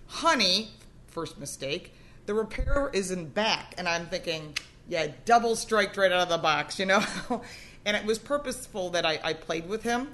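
A woman and former dealer trainer telling stories in lively, emphatic conversation. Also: on the low side. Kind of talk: casual panel talk.

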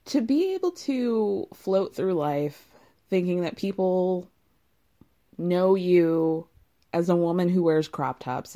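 Wry, chatty woman with a mellow voice. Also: lowish voice. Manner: chatty, wry, laughs often. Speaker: reality TV recap podcaster. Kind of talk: casual chat.

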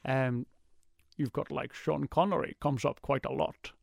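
A man's voice: mid-range voice, steady tone, measured pace, gravelly, dry recording, studio quality. A man chatting as a radio guest, joking and slipping into cartoon impressions. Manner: jokey, slips into cartoon voices. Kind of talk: casual chat.

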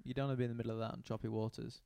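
A man, casually retelling a Bible story in a deadpan, joking way. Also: medium pitch, very fast, creaky, dry recording. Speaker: podcast co-host retelling Bible stories. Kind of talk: casual comedic chat.

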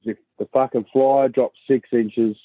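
A man's voice: mid-range voice, steady tone, measured pace, no echo, phone-quality sound. A man telling a crude joke, full of swearing. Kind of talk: told joke.

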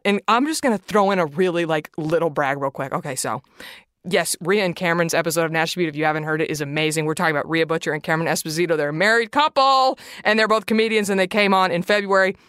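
A woman's voice: medium pitch, sharp tone, smooth, no room sound, clean studio sound. A woman hosting a podcast in a casual, playful chat, talking expressively with sudden bursts of emphasis. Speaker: podcast host.

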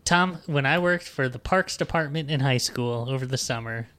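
A man's voice: mid-range voice, normal speed, pushed and bright, clear, resonant tone, no echo. A man in his thirties hosting a podcast, ranting and cursing casually while reading passages from a book aloud. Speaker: podcast host. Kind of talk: casual comedic book discussion.

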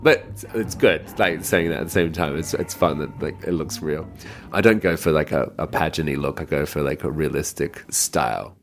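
A man's voice: a bass voice, normal speed, soft background music. A man who performs in drag, telling personal stories in a casual, chatty way and acting out the voices of people he quotes. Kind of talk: casual storytelling.

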